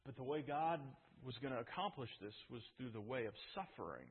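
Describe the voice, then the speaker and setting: A male pastor preaching a sermon, telling the story emphatically with frequent restarts in a husky voice. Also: medium pitch, animated, a little fast. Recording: tinny phone-like sound.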